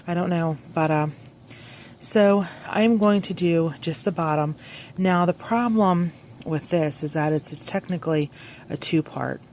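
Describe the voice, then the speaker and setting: A woman's voice: fairly low pitch, unhurried, a little mellow, slight background noise. A woman talking through a DIY craft on her phone camera, chatty and scattered, often correcting herself. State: a little out of breath at the start. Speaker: crafting vlogger. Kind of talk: rambling crafting tutorial. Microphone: phone clipped on, hands-free.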